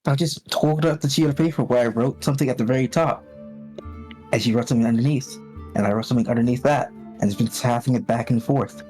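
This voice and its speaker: Hesitant player asking halting questions. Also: mid-range voice, a little mellow, faint music behind. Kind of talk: casual chat during a tabletop game.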